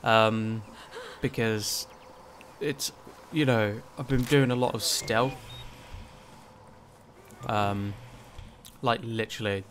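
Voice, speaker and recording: A man's voice: lowish voice, fairly even intonation, slow pace, pauses often, fairly bright tone, slight background noise. A man giving casual gameplay commentary, rambling with lots of ums and likes and some swearing. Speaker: gaming channel host.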